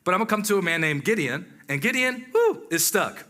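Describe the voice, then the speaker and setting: A man preaching a sermon in a lively, conversational way, with exclamations and asides to the congregation. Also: high-pitched, a little fast.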